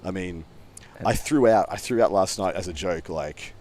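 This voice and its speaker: Aussie guy casting a tabletop game live, deep voice, loose jokey banter. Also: normal speed, darkish tone, slight background noise. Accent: Australian. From Australia. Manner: laid-back banter with slang. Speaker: co-caster. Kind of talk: live tournament commentary.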